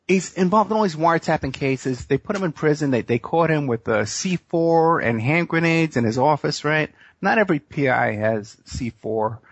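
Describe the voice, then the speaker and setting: A man's voice: a little high, lively intonation, normal speed, hardly any pauses, no room sound. Rambling male radio host. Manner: rambling storyteller, frequent fillers. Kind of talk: casual radio talk. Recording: muffled dry radio audio.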